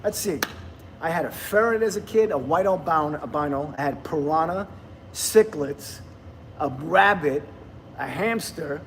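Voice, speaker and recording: A man's voice: fairly high pitch, animated, unhurried, fairly bright tone, slight background noise. A middle-aged man, hosting a casual livestream, chatting, laughing and reading viewer comments aloud. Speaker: livestream host.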